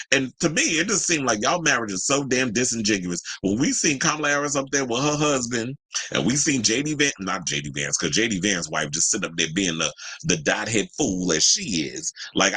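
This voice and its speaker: A man's voice: medium pitch, pushed and bright, husky, no room sound, poor audio. A man hosting a celebrity news commentary show, ranting bluntly and heatedly, with a lot of cursing. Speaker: commentary host.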